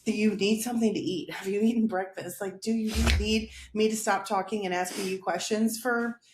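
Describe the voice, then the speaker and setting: A woman's voice: medium pitch, steady tone, fairly quick. A woman speaking reflectively in a casual podcast chat, often humming agreement. Her voice rings in an echoey room with a faint hiss underneath. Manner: warm, reflective, frequent affirming hums. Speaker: school counselor.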